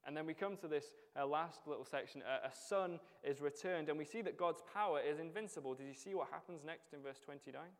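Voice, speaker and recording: A man's voice: on the high side, brisk, hardly any pauses. A man preaching a sermon in a church, talking conversationally and asking his listeners rhetorical questions. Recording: long hall reverb.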